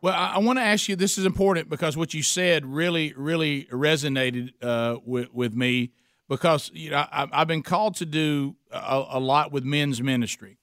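A man's voice: on the high side, moderate pace, fairly bright tone, no room sound. Engaged male interviewer, dry close sound. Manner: engaged, interjects to restate and dig into the story. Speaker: interviewer involved in men's ministry. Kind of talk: conversational interview.

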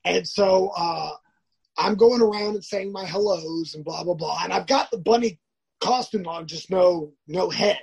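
A man guesting as a wrestler who rambles through his stories with lots of restarts. His voice is gravelly and deeply husky, and he acts out other people's lines as he goes. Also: unhurried, a little mellow. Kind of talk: casual storytelling.

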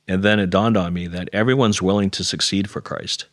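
With a deep voice and flat delivery at normal speed, a middle-aged man tells a personal story as an interview guest, earnest and self-deprecating, acting out the dialogue conversationally. The studio-quality recording has no echo.

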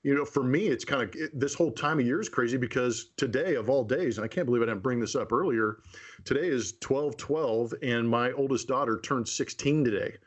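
A man's voice: medium pitch, fairly quick, slightly rough. A man in his forties co-hosting a podcast, talking in an earnest, chatty, plain-spoken way. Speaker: podcast co-host. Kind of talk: casual podcast chat.

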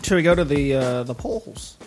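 High-voiced teasing podcast co-host. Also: male voice, animated, normal speed, soft background music. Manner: joking, teasing, with lots of filler restarts. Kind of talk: casual chat.

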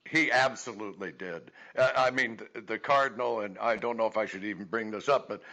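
An older man, a former radio colleague, reminiscing as a guest in a halting way with many restarts and easy laughs. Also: lowish voice, sharp tone, lo-fi sound. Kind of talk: reminiscing phone-in interview.

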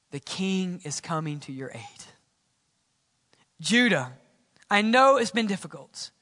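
A man preaches in an earnest, conversational way, putting question after question to his congregation. His voice sits very high and sounds bright and forceful. A long church reverb trails each phrase. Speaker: pastor. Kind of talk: sermon. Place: church sanctuary.

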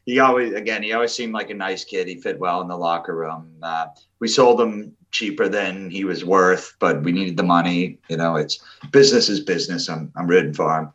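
Deep-voiced man, casual football chat. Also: a little fast, fairly bright tone, muffled recording. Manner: rambling, many fillers and restarts. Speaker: podcast co-host.

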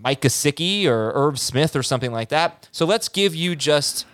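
A man hosting a sports podcast, talking in an upbeat, chatty way with quick asides. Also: a little high, animated, fairly bright tone, no echo. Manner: upbeat, talkative, fast asides. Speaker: podcast host. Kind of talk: casual sports podcast chat.

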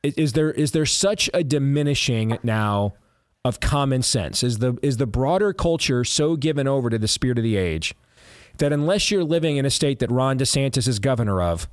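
Forceful male talk radio host. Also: medium pitch, lively intonation, moderate pace, no room sound, studio quality. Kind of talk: conservative talk radio commentary.

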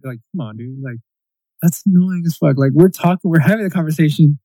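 Mellow-voiced man ranting casually. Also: a little high, rapid-fire, no echo, low-quality recording. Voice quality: mimics quotes in a raised voice. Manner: animated, profane ranting. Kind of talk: casual chat.

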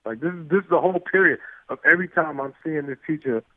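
Heard over a dry, close, tinny phone-like line with no room sound, this New Yorker talks fast in a slightly high voice. As an interview guest he spins casual stories lively and loose, full of fillers, restarts and little acted-out conversations.

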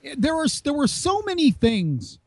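A man's voice: very high voice, huge pitch swings, moderate pace, a little mellow, no echo. A man co-hosting a casual wrestling podcast, rambling and teasing with many restarts. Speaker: podcast co-host.

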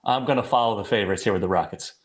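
A man on a sports betting panel, giving quick, punchy, decisive picks. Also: on the low side. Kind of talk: casual panel chat.

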